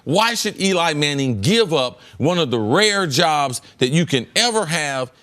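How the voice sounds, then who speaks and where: A man's voice: a little high, lively intonation, measured pace, fairly bright tone. A middle-aged man, a former pro athlete, giving emphatic sports debate commentary and repeating words as he builds his point. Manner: emphatic, repeats words, rises sharply when making a point. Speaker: former pro football player turned analyst.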